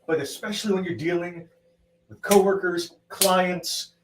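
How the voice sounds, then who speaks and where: A man's voice: high-pitched, fairly even intonation, a little slow. Blunt, exasperated man on echoey call. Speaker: co-host. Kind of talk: casual livestream chat. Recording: echoey distant call audio, faint noise.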